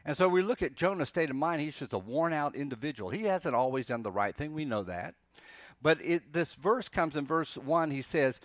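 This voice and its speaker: A man preaching a sermon in a conversational way, dropping to a soft, pleading voice when quoting scripture. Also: on the high side, animated, moderate pace, dry recording. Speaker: pastor.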